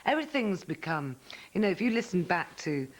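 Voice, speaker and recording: A man's voice: high voice, big pitch swings, a little fast, rough recording. A man giving his opinions in a gossipy, lightly mocking way. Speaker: interviewee. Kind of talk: casual opinion.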